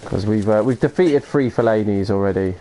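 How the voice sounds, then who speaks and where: A man's voice: on the low side, a little fast, warm tone, a little hiss or hum. A man chatting casually through a live game stream, laughing along with chat and muttering to himself when he gets lost. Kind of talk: live gameplay commentary.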